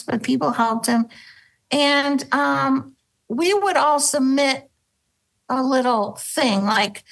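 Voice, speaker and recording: A middle-aged woman, a former sketch comedy cast member, telling animated stories in a casual interview and acting out the quotes. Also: creaky, low-quality recording. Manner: animated, acts out quotes, drops into a low voice for bits.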